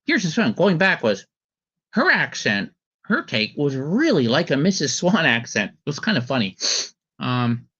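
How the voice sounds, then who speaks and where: A man's voice: on the high side, sing-song, a little slow, bright, forceful tone, husky. Male podcast host, rambling casual commentary, restarts often, slightly dull lo-fi recording. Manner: rambling, full of ums and restarts.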